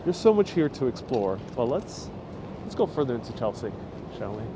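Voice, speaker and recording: A man's voice: mid-range voice, big pitch swings, normal speed. A man from New York with a New York accent, hosting a live walking tour outdoors and chatting back to viewer comments as he goes. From New York City. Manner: chatty, friendly, answers viewer comments aloud as he walks. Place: outdoors on a windy city street. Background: faint street ambience and passing traffic.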